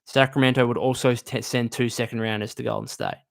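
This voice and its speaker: A man's voice: mid-range voice, steady tone, a little fast, creaky. Chatty man hosting a live stream. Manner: chatty, emotional, thinks aloud with restarts. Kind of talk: casual live-stream basketball talk, reading chat comments.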